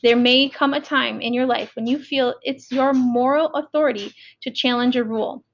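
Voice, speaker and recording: A woman's voice: sits high, steady tone, moderate pace, lo-fi sound. A woman voicing a stern, hot-tempered middle-aged male prison warden who lectures and scolds.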